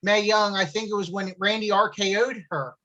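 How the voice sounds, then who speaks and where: A man's voice: sits high, fairly even intonation, normal speed, sharp tone, dull audio. A man co-hosting a casual wrestling podcast, starting his sentences hesitantly and repeating words as he goes. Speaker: podcast co-host.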